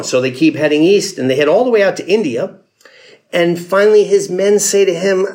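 A man's voice: high voice, fairly quick, a little mellow. A man preaching a sermon in a conversational storytelling way, acting out the people in the story. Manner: conversational storytelling, acts out quotes with laughs. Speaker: pastor.

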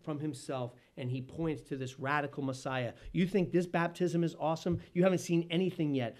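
A man preaching a sermon as pastor, animated, swinging between loud emphasis and hushed tones. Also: on the high side, fairly quick, hardly any pauses.

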